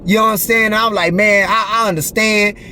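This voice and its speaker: Talking a little fast in a high voice, a man recounts a personal story directly to the camera in a casual monologue. His delivery is animated and full of swearing and street slang, with constant "you feel me" check-ins to the listener. Slight background noise is present.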